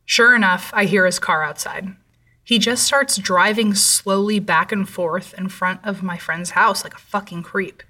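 A young woman tells a first-person story in a steady, measured voice. Her tone is bright and crisp, and her pitch is middling for a woman. She sits a little back from the microphone. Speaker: narrator. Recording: voice slightly distant from mic.

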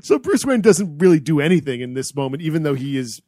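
A man in a casual comedic movie chat, tossing in quick jokes and laughing. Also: a little high, big pitch swings, dark tone, dry recording, studio quality. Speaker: podcast co-host.

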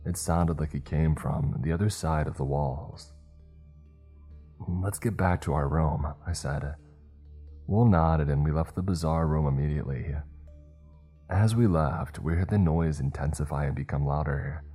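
A man reading a horror story aloud in a steady, measured storytelling manner. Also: extremely low pitch, slightly rough, soft background music. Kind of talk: scripted horror narration.

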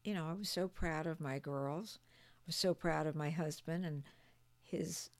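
An older woman, a grandmother and podcast guest, talking gently and graciously in a home basement. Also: sits low, measured pace, no echo. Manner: gentle, gracious, often thanking. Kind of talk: casual conversation.

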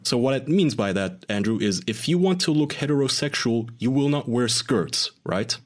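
A man's voice: mid-range voice, animated, normal speed. Casual man explaining on a podcast. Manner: explains studies, mocks with put-on quotes. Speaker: podcast co-host. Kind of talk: casual group banter.

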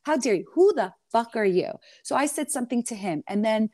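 A woman reality TV star in an interview, telling her side of a clash in a sassy, animated way and calling the listener honey. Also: on the high side, a little fast, dry recording, studio quality. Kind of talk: candid storytelling interview.

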